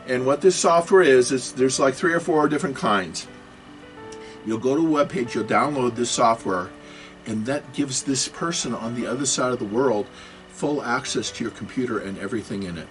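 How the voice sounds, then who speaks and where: A man's voice: medium pitch, animated, normal speed. A man giving a self-made talk on computer security, agitated and apologetic, with frequent restarts, over faint music.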